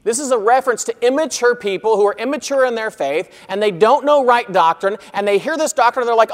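A man preaching an expository sermon as pastor, earnest, growing loud when reading scripture and quiet on asides. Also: extremely high pitch, lively intonation, fairly quick, few pauses, big-room sound.

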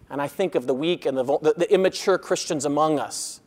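A man preaching an expository sermon as pastor, earnest, growing loud when reading scripture and quiet on asides. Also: fairly high pitch, moderate pace, long reverb tail.

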